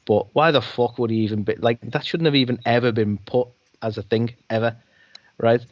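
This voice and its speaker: A man's voice: medium pitch, fairly even intonation, moderate pace, dry recording, dull audio. A man co-hosting a casual podcast, ranting in an exasperated, sweary way. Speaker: podcast co-host.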